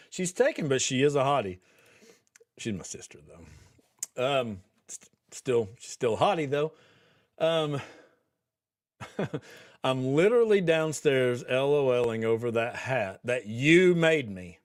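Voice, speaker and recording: A man's voice: medium pitch, expressive, takes it slowly, pauses often. A man hosting a podcast livestream, chatting casually with viewers in a rambling way, laughing often and restarting his sentences. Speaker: podcast host. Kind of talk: casual livestream chat reading viewer comments.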